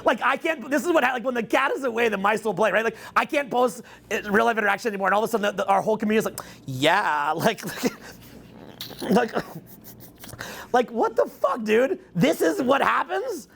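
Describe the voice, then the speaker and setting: High, gravelly, animated man in his forties. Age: 40s. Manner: crude, joking and fast, lurching into mock voices and shouts. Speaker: dating coach speaking to a live audience. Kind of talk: rambling stage talk. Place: event hall with an audience.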